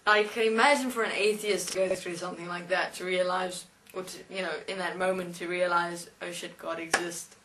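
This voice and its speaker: A woman's voice: lowish voice, fairly even intonation, fairly quick, hardly any pauses, fairly bright tone, a little hiss or hum. A woman casually telling a comic anecdote, laughing along and swearing freely. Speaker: storyteller. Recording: voice distant from the mic.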